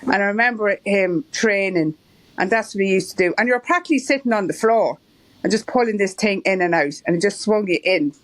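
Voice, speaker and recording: A woman's voice: mid-range voice, brisk. A middle-aged Irish woman telling stories as an interview guest, rambling and laughing often. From Ireland. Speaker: marathon runner guest. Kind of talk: casual interview chat.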